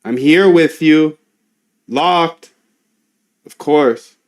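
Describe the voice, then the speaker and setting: A man's voice: fairly high pitch, very slow. Guy coding on stream, talks to himself a lot, slangy, keeps saying dude. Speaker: trading bot developer and streamer. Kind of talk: casual live coding talk.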